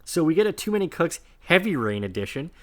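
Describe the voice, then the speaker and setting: A man's voice: on the high side, big pitch swings, fast talker, fairly bright tone. A man co-hosting a podcast who recaps scenes in a laid-back way and often chimes in with agreement. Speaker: podcast co-host. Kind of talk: casual chat reviewing a sitcom episode.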